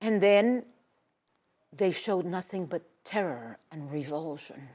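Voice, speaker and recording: A woman giving a Torah lecture. She reads Hebrew verses and then translates them, sinking to a hushed whisper on emotional words. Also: lowish voice, lively intonation, slow pace. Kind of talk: expressive Bible lecture.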